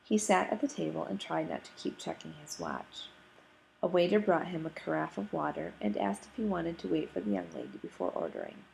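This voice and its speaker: A woman reading a novel aloud as an audiobook narrator, in calm, steady storytelling. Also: low voice, vocal fry, slight background noise, poor audio. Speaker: audiobook reader. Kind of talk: scripted narration.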